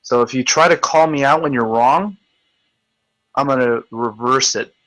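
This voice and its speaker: A man's voice: medium pitch, normal speed, a bit bright, no room sound, rough recording. Male livestream host, foul-mouthed and taunting, dry close sound. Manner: combative, profane, taunting. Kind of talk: ranting live video chat.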